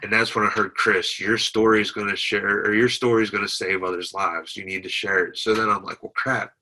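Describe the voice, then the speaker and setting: Low, flat-voiced man telling his story. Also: fairly quick, poor audio. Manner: plainspoken, retells dialogue with many "I said". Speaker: veteran guest. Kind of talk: interview storytelling.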